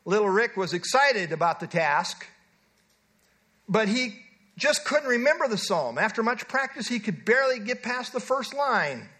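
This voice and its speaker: Middle-aged male pastor, high-pitched, earnest emphatic sermon delivery. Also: very animated, bright, forceful tone. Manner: earnest, emphatic preaching with slow stressed phrases.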